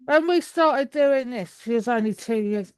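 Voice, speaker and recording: A woman's voice: on the high side, normal speed, darkish tone, clear, resonant tone, dry recording. A woman in her thirties, chatting over a video call in a rambling way with many restarts. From England. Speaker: guest. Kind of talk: casual video call chat.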